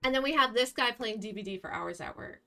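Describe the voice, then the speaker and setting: A woman's voice: fairly high pitch, fast talker, gravelly, pushed and bright. A young woman streamer ranting bluntly at her chat, scolding and exasperated, swearing freely. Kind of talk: live stream rant at chat.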